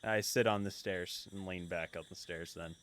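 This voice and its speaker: A man playing a tabletop role-playing game, relaxed and joking as he describes what his character does. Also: sits low, moderate pace. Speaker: player. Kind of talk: casual tabletop game play.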